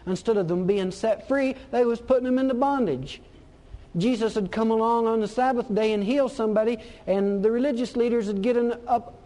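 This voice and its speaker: High-voiced preacher, emphatic and repetitive. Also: male voice, dark tone. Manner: emphatic, repeats key phrases. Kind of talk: sermon.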